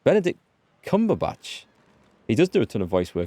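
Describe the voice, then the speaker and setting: A man's voice: low voice, big pitch swings, a little fast, warm tone, no echo. An English man rambling through casual let's play commentary as a gaming host. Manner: rambling, chatty, restarts often. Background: faint game music.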